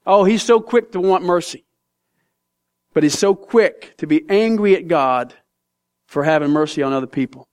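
A man's voice: on the high side, moderate pace, long pauses. A man preaching a sermon in an emphatic, conversational way, speaking straight to his congregation.

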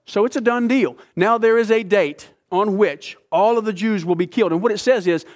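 A man leading a midweek Bible study, retelling the story in an animated way with casual slang. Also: high-pitched, normal speed. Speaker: Bible teacher.

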